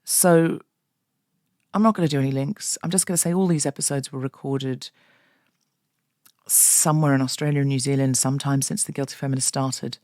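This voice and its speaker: A woman podcast host giving a fond, gentle spoken introduction to an episode. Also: very deep voice, fairly even intonation, fairly quick, no echo, clean studio sound.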